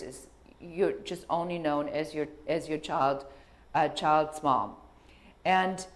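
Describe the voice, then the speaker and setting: Woman, middle-aged, low voice, chatty, anecdotal storytelling. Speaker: speaker in a clip. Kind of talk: storytelling talk.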